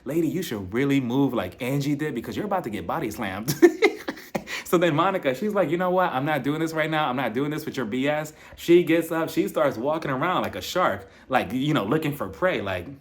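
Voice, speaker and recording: A man giving a casual, animated recap of a reality TV episode, acting out quotes and laughing often. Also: a little high, a little fast.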